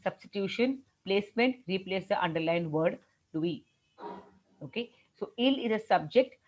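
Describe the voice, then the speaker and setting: A woman's voice: mid-range voice, lively intonation, moderate pace, highs cut off. Indian woman teaching French grammar. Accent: Indian English. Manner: patient, explains step by step and repeats rules. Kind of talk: classroom grammar lesson.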